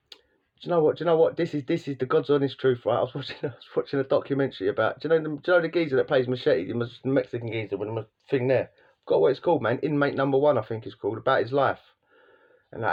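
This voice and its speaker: Bloke rambling through a story, slangy, keeps restarting himself, middling pitch, slightly dull muffled sound. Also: male voice. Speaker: vlogger. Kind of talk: casual storytelling monologue.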